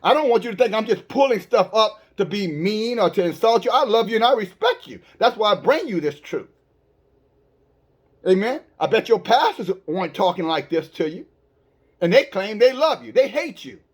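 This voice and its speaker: A man's voice: high-pitched, very animated, moderate pace, breathy edge. A man preaching an online sermon, talking straight to his listeners with rhetorical questions and many stammered restarts. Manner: emphatic, with frequent stammered restarts.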